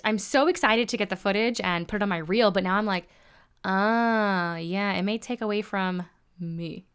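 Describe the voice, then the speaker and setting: A woman's voice: medium pitch, fairly bright tone, clear, resonant tone. A woman hosting an interview, chatty and enthusiastic, leaning on "like" as she talks. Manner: chatty, enthusiastic, many "like" fillers. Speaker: podcast host. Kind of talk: casual interview chat.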